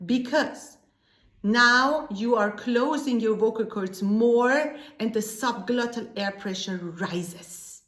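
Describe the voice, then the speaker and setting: A woman's voice: fairly high pitch, takes it slowly, a bit bright. A woman teaching opera singing, explaining vocal technique in a patient way and often restarting words. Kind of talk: vocal lesson. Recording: echoey room.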